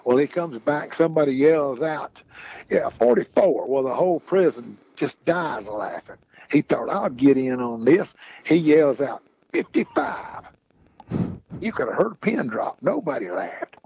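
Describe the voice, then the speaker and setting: A man's voice: medium pitch, animated, moderate pace, darkish tone, slightly rough, no room sound, highs cut off. A man telling rambling folksy stories in casual chat, repeating "he said" as he goes. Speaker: podcast guest storyteller. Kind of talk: casual storytelling.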